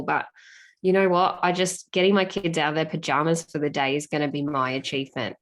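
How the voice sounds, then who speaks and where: A woman's voice: sits low, fairly even intonation, fairly quick. A woman author speaking candidly and reflectively as an interview guest, talking in a plain, down-to-earth way. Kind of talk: casual interview talk.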